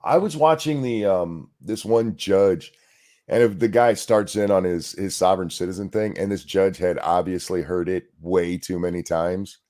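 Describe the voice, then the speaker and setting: A low-voiced man hosts a casual chat show, unhurried and loose, telling stories with plenty of swearing. He sounds sore and short on sleep. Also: a little mellow. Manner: laid-back storytelling, swearing freely. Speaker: podcast host.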